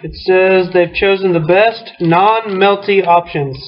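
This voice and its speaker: A man, a softball coach, hosting a relaxed interview and joking around while eating. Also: high voice, slow. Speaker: softball coach, show host. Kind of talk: casual interview chat. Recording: muffled lo-fi recording.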